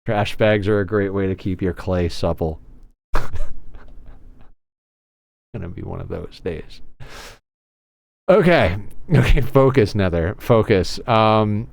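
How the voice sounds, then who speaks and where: A man's voice: low voice, fairly even intonation, slow pace, vocal fry, pauses often, no room sound. A man streaming a game, giving casual commentary and giggling as he jokes with his chat. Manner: giggly, playfully joking with chat.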